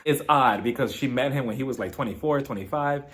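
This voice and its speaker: A man hosting a casual, gossipy review of a reality TV episode, chatty and quick to laugh. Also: medium pitch. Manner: animated, chatty, laughs often. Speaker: reality TV recap host.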